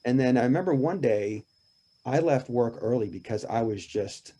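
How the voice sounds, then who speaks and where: Warm-voiced man telling a heartfelt story. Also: medium pitch, expressive, normal speed, husky. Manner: reflective, emphatic, heartfelt. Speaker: podcast guest, grief coach. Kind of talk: earnest personal storytelling.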